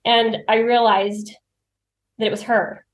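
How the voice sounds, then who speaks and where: A woman guest on a podcast shares personal stories in a talkative way. She laughs often and acts out her own remarks. Her voice sits a little high, and the room gives it a noticeable echo. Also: little pitch movement, slow. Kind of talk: personal storytelling in conversation. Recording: roomy echo.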